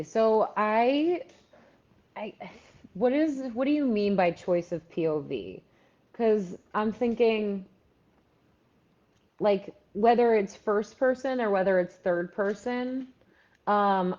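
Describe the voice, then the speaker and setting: A woman's voice: mid-range voice, a little mellow. A woman from Philadelphia coaching writers in a live stream Q&A, chatty and full of fillers as she answers viewers. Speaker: writing coach. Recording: dull lo-fi livestream audio.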